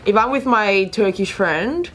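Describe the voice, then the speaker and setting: A woman guest on a casual podcast, chatting quickly and openly. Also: mid-range voice, animated, a loud crowd. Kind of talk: casual chat.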